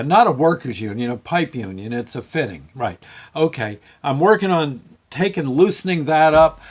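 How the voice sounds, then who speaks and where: A man hosting his own show, telling a long work story in a halting, folksy way with many fillers and restarts. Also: on the high side. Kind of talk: rambling spoken storytelling.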